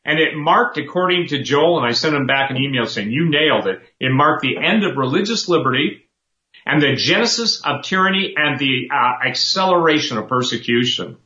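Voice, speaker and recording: Fervent preaching man, bright and roomy. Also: a little high, animated, normal speed. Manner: fervent, emphatic, repetitive. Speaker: talk show host. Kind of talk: impassioned preaching commentary. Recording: roomy, dull lo-fi sound.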